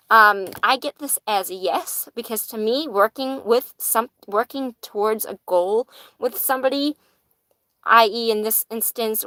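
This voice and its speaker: A woman's voice: mid-range voice, a bit bright, dry recording, poor audio. A woman giving casual live-stream tarot readings in a chatty manner, swearing casually and laughing easily. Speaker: tarot reader.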